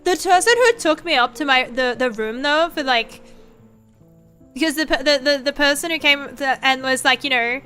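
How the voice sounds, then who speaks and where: Young woman, high bright voice, rambling sweary chat, faint music behind; casual streamer read. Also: normal speed. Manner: sweary, rambling, animated storytelling. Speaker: vtuber streamer.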